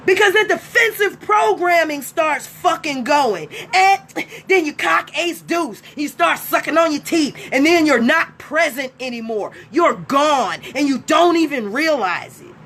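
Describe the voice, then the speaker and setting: High-voiced woman ranting bluntly. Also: expressive, a little slow. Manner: blunt, profane, emphatic, swings to shouting. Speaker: live streamer. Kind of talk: profane ranting monologue.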